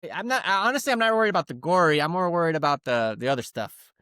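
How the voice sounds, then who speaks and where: Chatty dad doing animated kid voices. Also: male voice, fast talker, clear, resonant tone, dry recording, clean studio sound. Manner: animated storyteller, acts out his son in a higher voice. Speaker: podcast co-host. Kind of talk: casual comedic chat.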